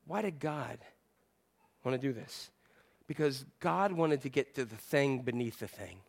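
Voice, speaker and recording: A male pastor preaching a sermon in a church, animated and playful, repeating phrases to drive a point home. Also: mid-range voice, unhurried, vocal fry, husky.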